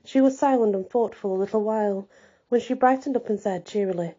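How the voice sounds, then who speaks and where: A woman reading a classic novel aloud in measured storytelling. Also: medium pitch, warm tone, lo-fi sound. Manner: measured, old-fashioned storytelling. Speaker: audiobook reader. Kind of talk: scripted narration.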